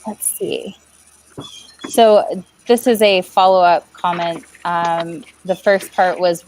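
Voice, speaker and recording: Low-voiced woman moderating a webinar. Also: a little mellow, slight background noise, rough recording. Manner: affirming, measured, reads out questions. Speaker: webinar host. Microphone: video call.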